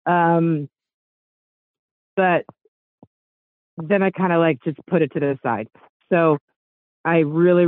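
A middle-aged American man phones in to a call-in show, his high-for-a-man voice coming through a tinny line that's close, completely dry, and free of room sound. He rambles, keeps saying sorry, and grows choked up as he talks.

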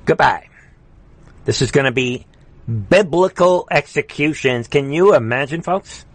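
A man hosting live political commentary in a heated, mocking, rapid ranting manner. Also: medium pitch, lively intonation, a little hiss or hum. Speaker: host.

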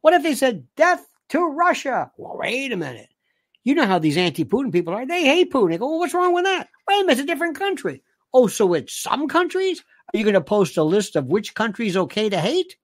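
A woman's voice: fairly high pitch, big pitch swings, fairly quick. A woman hosting a livestream, ranting animatedly and reading viewer comments aloud. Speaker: livestream host. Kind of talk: casual livestream monologue.

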